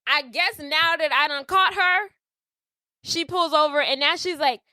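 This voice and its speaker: A woman hosts a podcast, telling a story in an animated, profane way. Her voice is high and bright. It is recorded close and dry. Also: unhurried, dry recording. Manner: animated and profane, acting out quotes. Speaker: podcast host. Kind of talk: casual storytelling.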